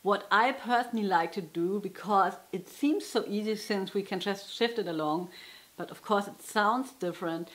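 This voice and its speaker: At a medium pitch and normal speed, a female guitar teacher chats her way through a casual lesson. She stops mid-thought to fix what she said and laughs at herself. Loud guitar plays behind her throughout.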